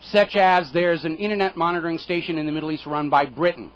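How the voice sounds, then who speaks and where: High-voiced man ranting on talk radio. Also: steady tone, fast talker. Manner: sarcastic and indignant, with rhetorical jabs. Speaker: radio talk show host. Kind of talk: political talk radio commentary. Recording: dull lo-fi radio recording.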